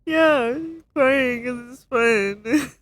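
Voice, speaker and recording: A woman's voice: high-pitched, drawn-out words, dry recording. A young woman streaming casual commentary as she watches a role-play, laughing often and mocking herself.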